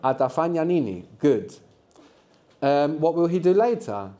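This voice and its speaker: A man whose voice is on the high side sounds very animated yet mellow, speaking a little slowly. He leads university students through a live language workshop in a lecture room, patiently prompting them with questions and answers.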